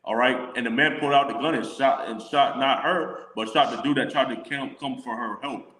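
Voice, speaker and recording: A man leading a casual religious discussion, reading scripture slowly and deliberately. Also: medium pitch, fairly bright tone. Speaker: scripture teacher. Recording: echoey room with long reverb.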